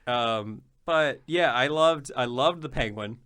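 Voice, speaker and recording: Bright-sounding guy cohosting a podcast, excitable, swears a lot, stumbles over words. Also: medium pitch, slow pace, smooth. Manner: animated, swears freely, trips over his words. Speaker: podcast co-host. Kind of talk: casual chat.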